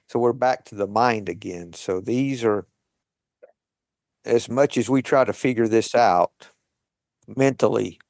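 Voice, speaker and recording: A man leading a recovery discussion, reading slowly and reflecting on his experience with light laughs. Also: lowish voice, darkish tone, dry recording, studio quality. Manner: slow, thoughtful, with light laughs. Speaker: podcast host leading a recovery meeting.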